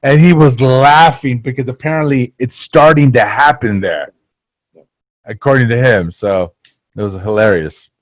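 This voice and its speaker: A man's voice: mid-range voice, unhurried. A man interviewing a friend in a casual chat, laid-back and slangy, with some casual swearing.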